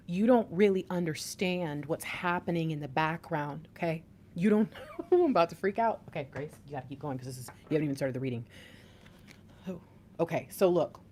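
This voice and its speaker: A woman giving a tarot reading to her viewers, excitable, breaking into laughs and whispers as she talks straight to them. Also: lowish voice, slight background noise. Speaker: tarot reader.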